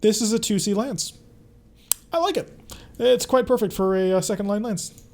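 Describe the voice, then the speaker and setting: Guy streaming a mech game, bit higher voice, mellow, chatty, answers chat as he goes. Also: fairly even intonation, a little fast. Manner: chatty, reads and answers chat while playing. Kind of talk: casual game stream commentary.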